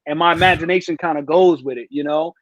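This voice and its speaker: A man's voice: a little high, steady tone, fast, dry recording. Laid-back slangy man telling stories. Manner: laid-back slangy storytelling, acts out voices. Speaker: comedian guest. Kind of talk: casual storytelling chat.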